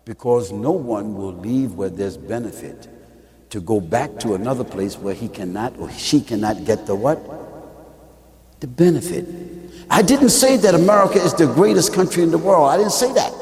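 A man preaching a televised sermon. He swings from low muttering to shouting and keeps asking "right or wrong?". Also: expressive, normal speed, in a large hall, a crowd in the background. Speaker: Muslim preacher.

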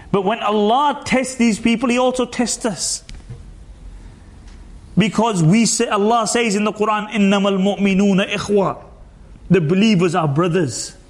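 A man giving a sermon, asking the listeners rhetorical questions and weaving in Arabic phrases, stretching out his words for emphasis. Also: sits high. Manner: drawn-out emphatic delivery. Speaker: preacher.

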